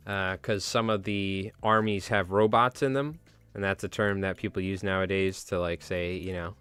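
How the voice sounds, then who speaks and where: A low-pitched man chats casually with his live chat, rambling and joking about himself. His voice is smooth and clear in a dry, close sound with faint music under it. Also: steady tone, normal speed, a bit bright, no room sound. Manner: rambling, self-mocking, joking. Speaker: streamer tying flies live.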